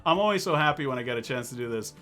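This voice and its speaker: A man hosting a live-stream talk show, chatting casually in a rambling, excitable, jokey way. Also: mid-range voice, very fast, faint music behind.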